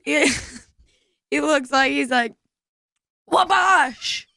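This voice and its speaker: A woman's voice: high voice, expressive, slow pace, bright, forceful tone, no echo, studio quality. A woman co-hosting a comedy podcast, giggling and slipping into goofy impressions as she chats. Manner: giggly, doing goofy impressions between laughs. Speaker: podcast co-host.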